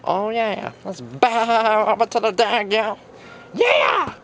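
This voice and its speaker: A man telling a toy story in a playful way, jumping between silly high and low character voices. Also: takes it slowly, a bit bright, slight background noise. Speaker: toy video maker voicing all characters.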